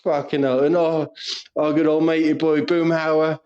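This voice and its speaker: A man whose voice is on the high side, level and a little mellow, co-hosts a casual podcast at normal speed, telling stories packed with swearing and laughter. The highs in the audio are cut off.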